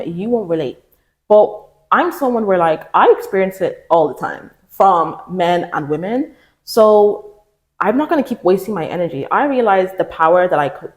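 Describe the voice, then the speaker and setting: A young woman talking candidly to camera, giving self-help advice in a casual, emphatic way, acting out other people's lines as she goes. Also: mid-range voice.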